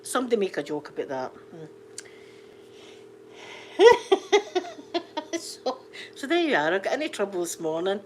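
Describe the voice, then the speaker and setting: A woman's voice: mid-range voice, very animated, measured pace, pauses often, a little hiss or hum. A middle-aged Scottish woman from Scotland, chatting casually with viewers on a livestream, rambling and laughing often. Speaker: livestream host. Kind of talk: casual live chat with viewers.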